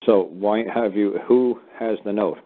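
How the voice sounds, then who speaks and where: A man's voice: on the low side, unhurried. A man hosting a call-in radio show, blunt and profane, lecturing callers. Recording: phone-like narrow sound.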